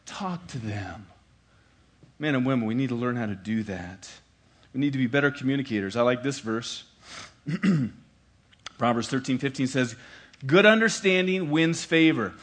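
A man's voice: medium pitch, a bit bright. A man, a pastor, preaching a sermon in a conversational way and repeating key lines for emphasis.

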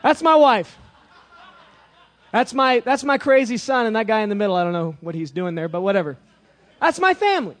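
A man in his thirties preaching a sermon with a personal story, animated and swinging from hushed asides to shouting. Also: high voice, fairly quick, pauses often.

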